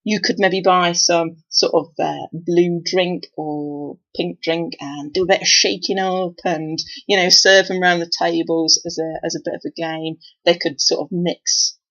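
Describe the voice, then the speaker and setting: A woman records a casual video message. Her voice sits on the low side and she rambles chattily, filling the gaps with ums and uhs. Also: steady tone, unhurried, few pauses, fairly bright tone, muffled recording. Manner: chatty, rambling with many fillers. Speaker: event organiser.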